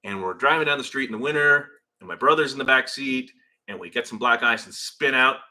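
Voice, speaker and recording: A man's voice: medium pitch, fairly quick, bright, forceful tone. A middle-aged man hosting a casual livestream from his garage, rambling as he reads viewer comments aloud into a phone. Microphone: phone camera.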